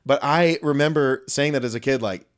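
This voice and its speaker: A young man on a casual podcast, telling a story in a loose, rambling way. He swears freely and keeps breaking off for jokey asides. His voice sits at an ordinary middle pitch. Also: brisk. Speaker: podcast co-host.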